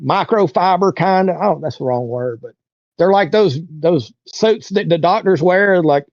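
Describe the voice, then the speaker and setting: A man's voice: sits high, unhurried, no room sound, highs cut off. A man, an interview guest, telling a long personal story in a casual, rambling, colloquial way and acting out what others said.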